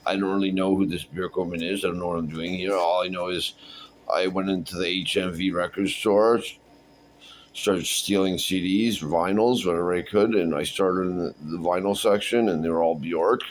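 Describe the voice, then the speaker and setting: A man's voice: sits low, fairly even intonation, slight background noise, natural voice, poor audio. A man voicing a confused, sullen male petty thief who mumbles and stumbles over his words. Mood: mumbling. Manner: mumbling, halting, flustered.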